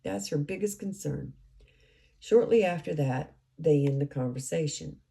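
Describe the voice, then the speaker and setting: Low mellow woman recapping a case. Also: a little slow, gravelly, slightly rough. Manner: recounting and quoting others. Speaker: true-crime commentator.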